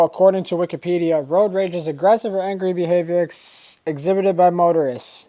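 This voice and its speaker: A man's voice: a little high, mellow. A man talking casually to camera in a vlog, rambling with lots of fillers and slang. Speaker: vlogger.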